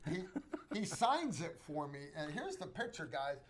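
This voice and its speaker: Host, male, American, slightly high voice, halting casual storyteller. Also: sing-song. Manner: rambling, halting storyteller with many restarts.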